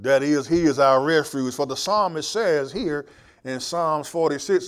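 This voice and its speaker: A man preaching from the pulpit in a slow, deliberate cadence. His voice sits slightly high for a man, and he leans hard on key phrases before dropping almost to a murmur. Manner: slow, emphatic preaching with wide swings in loudness. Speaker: pastor. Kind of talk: sermon.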